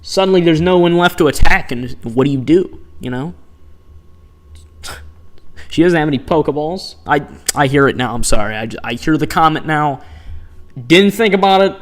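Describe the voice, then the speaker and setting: A man commenting live on a video game as he plays, talking casually and reacting with disbelief at the choices on screen. His voice sits a little higher than most men's. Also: lively intonation, normal speed, long pauses. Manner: chatty, incredulous, laughing asides. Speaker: streamer.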